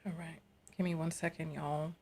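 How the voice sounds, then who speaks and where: A woman's voice: deep voice, flat delivery, normal speed, warm tone. A woman hosting a live reaction stream, chatting with her viewers and voicing her disbelief. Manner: chatty, talks to viewers as y'all, incredulous.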